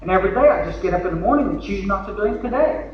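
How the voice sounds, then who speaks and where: With rapid-fire delivery and lively intonation, a high-voiced Texan-accented man jokes his way through a folksy recovery talk at a large convention hall podium, including acted asides. Slight background noise comes through the echoey, lo-fi recording, made from far off.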